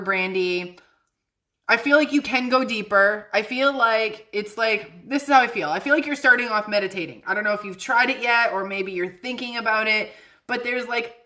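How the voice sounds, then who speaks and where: A woman's voice: mid-range voice, pushed and bright. A young woman hosting a casual livestream as a psychic medium, chatty and bubbly, often laughing as she talks to viewers.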